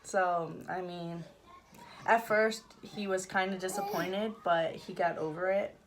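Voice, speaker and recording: A woman's voice: fairly low pitch, fairly even intonation, measured pace. A young woman vlogging, telling a personal story casually, with frequent fillers and the odd laugh. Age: young adult. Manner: chatty, laughs now and then, many fillers.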